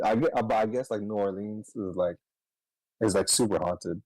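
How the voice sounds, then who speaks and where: A young man on a podcast, casually telling a story, swearing and laughing, his voice jumping high when he gets excited. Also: moderate pace, no echo, rough recording. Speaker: podcast co-host.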